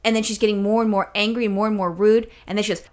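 A woman co-host telling a comedic story at a brisk, rushing pace. She rambles and swears freely as she goes, and her pitch sits in an ordinary middle range. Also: level tone.

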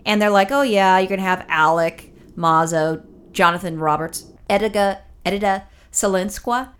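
Woman swearing through a lively story. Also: medium pitch, moderate pace, clear, resonant tone. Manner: animated, profane storytelling with acted-out quotes. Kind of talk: casual chat.

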